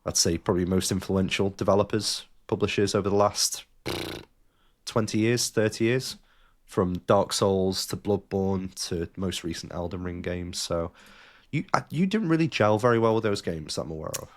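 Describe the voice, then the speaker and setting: Joking lower-voiced male podcast host. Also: normal speed. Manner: jokey, reads news aloud with asides. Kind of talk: casual chat.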